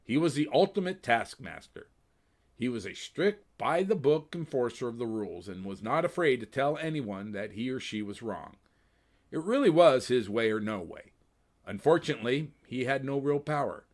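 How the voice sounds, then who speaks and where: A man narrating a storybook tale with an expressive, animated reading. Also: mid-range voice, moderate pace.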